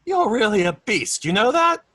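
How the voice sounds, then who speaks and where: An actor playing a loud, mocking male Roman soldier in an audio drama, with a raspy voice and big swings in his delivery. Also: sing-song, normal speed, heavily acted. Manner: mocking, exaggerated swings of pitch.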